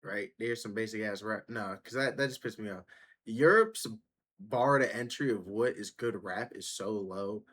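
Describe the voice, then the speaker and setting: A man reacts casually to clips on camera, with a husky, slightly rough voice. He talks in loose, blunt, profane slang and keeps it laid-back even when he's fired up. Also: fairly low pitch, normal speed, hardly any pauses. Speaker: reaction video host.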